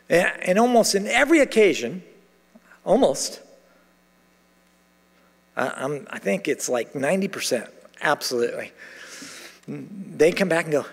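A middle-aged American pastor preaches with lively storytelling, slipping into the voices of the people he quotes. His voice sits somewhat high for a man, and a long church reverb trails after his words. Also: measured pace, vocal fry, pauses often. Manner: animated storytelling, acting out quoted voices with laughs. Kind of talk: sermon. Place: church sanctuary.

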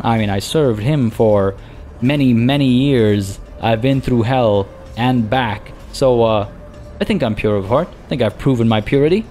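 A man's voice: mid-range voice, moderate pace, mellow. A man in a mid-range voice talking through his gameplay in a casual, chatty way. He thinks aloud with loose asides and fillers, over faint game music. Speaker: let's play gamer.

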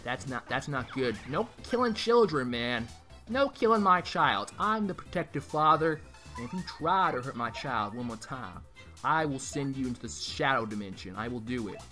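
A man gives crude, joking commentary while playing a game blind, his bright voice leaping all over the place. He swears freely and mock-taunts the enemies. Faint game music plays underneath. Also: medium pitch, lively intonation, moderate pace. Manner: crude, joking, trash-talking, swears a lot. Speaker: let's play gamer.

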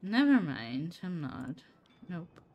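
Lively, slow-talking woman streamer chatting. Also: on the low side, lo-fi sound. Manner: chatty, laughs often, talks to chat by name. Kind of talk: casual live-stream chat while gaming.

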